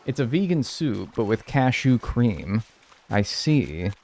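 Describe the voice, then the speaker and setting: A man's voice: mid-range voice, very animated, takes it slowly, a little mellow. A man streaming live, chatting casually and joking as he reads and answers his chat.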